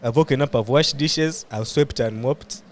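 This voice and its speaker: Male podcast co-host, mid pitch, easy banter, faint background hiss. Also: normal speed. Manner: playful, laughs often, slips into sing-song bits. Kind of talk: casual chat.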